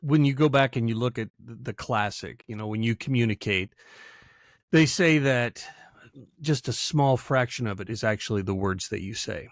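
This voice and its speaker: A man hosting a casual podcast interview, relaxed and gently teasing his guest. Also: mid-range voice, normal speed, dry recording, studio quality. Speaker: podcast host.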